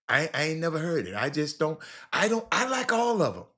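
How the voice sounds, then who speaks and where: A man hosting a casual live stream, reading viewer comments and talking animatedly, jumping from shouts to mutters and repeating himself. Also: on the high side, very animated, a little fast. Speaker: host reading live chat.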